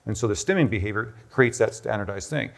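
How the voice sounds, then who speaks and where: A man's voice: fairly low pitch, lively intonation, quick pace, gravelly. A man explaining a health topic on stage, lecturing and thinking aloud, often checking in with "okay?". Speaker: doctor presenting a health protocol. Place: busy room with a live audience.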